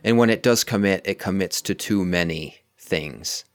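A film review co-host with a low voice talks casually about a movie at a moderate pace, rambling and correcting himself as he analytically picks apart its plot. The recording is dry and studio quality, though the setting is outdoors near a street.

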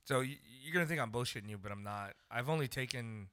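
Podcast guy with a bright voice, dry teasing delivery, close dead mic. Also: medium pitch, fast, clean tone, no room sound. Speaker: podcast co-host. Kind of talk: casual chat.

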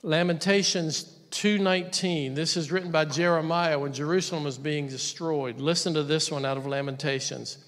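Male pastor, high voice, chatty preaching with asides, big reverberant hall. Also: fairly even intonation, moderate pace, few pauses, fairly bright tone. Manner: conversational preaching with asides and humor. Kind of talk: sermon.

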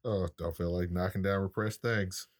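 A man's voice: low voice, steady tone, normal speed. A man on a podcast making dry, blunt wisecracks in a casual chat. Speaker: podcast co-host.

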